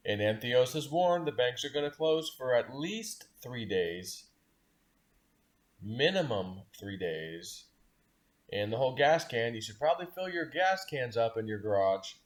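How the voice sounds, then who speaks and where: A man's voice: mid-range voice, sing-song, a little slow. A man telling his viewers about a dream in a casual, rambling way, restarting phrases and chuckling at himself. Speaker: dream-sharing video host. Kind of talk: casual storytelling to camera.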